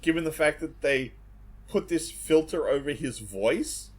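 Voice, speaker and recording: A man's voice: fairly high pitch, animated, measured pace. A man co-hosting a casual podcast, talking bluntly and swearing freely. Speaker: podcast co-host.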